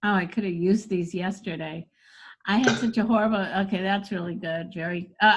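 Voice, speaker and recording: A woman's voice: medium pitch, moderate pace. A older woman coaching comedy in casual chat, reading jokes aloud and laughing often.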